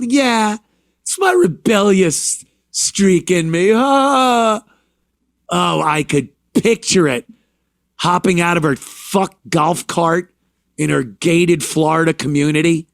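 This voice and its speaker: A man's voice: fairly high pitch, measured pace, dry recording, clean studio sound. A man hosting a talk show, ranting sarcastically with mocking, profane commentary. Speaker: show host.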